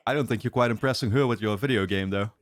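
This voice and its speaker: A man's voice: lowish voice, fairly quick, soft background music. Man chuckling through reaction commentary. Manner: chuckling, joking asides. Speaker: reaction video host. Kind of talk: casual commentary.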